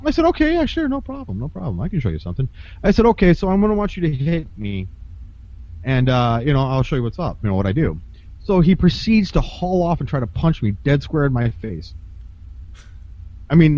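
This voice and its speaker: A man's voice: on the high side, darkish tone. Guy on a podcast swearing and laughing thru a story, kinda dull lo-fi sound. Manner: profane, laughs often, acts out quotes. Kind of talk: casual storytelling chat.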